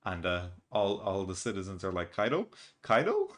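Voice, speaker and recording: Deep-voiced and brisk, a man keeps a level tone as he hosts a manga reaction video. He offers a casual recap of a comic chapter, thinking aloud and reading out the dialogue in a plain way.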